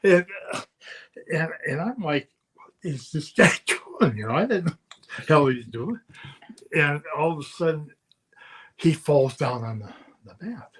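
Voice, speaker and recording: A man's voice: on the high side, big pitch swings, normal speed, long pauses, slightly rough. An older man, a former wrestler, telling rambling anecdotes in casual podcast chat, often chuckling. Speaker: guest storyteller, former wrestler.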